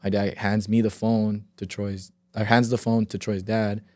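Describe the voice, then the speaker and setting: Low, mellow-voiced young man telling a story. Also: little pitch movement, moderate pace, no room sound. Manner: rambling, heavy filler words and reenacted quotes; swears freely. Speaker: podcast guest. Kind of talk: casual storytelling. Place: podcast studio.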